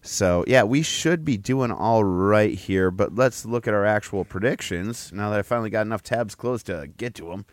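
Casting: low, smooth-voiced man, easygoing hockey podcast co-host, dry close mic. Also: moderate pace, hardly any pauses, no echo. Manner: loose and self-correcting. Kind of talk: casual sports chat.

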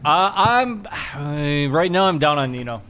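A man's voice: a little high, expressive, a little slow, fairly bright tone, slight background noise. A man on a casual sports podcast panel, teasing the others and laughing.

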